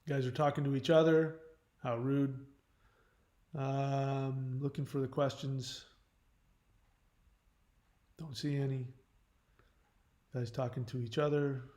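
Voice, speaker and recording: A man's voice: medium pitch, level tone, takes it slowly, pauses often, a little mellow. Blunt man talking in an echoey room. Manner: blunt, frank and direct; loose, rambling delivery with many fillers and restarts. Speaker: channel host on relationships and codependency. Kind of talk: live-stream advice talk answering chat questions. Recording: roomy echo.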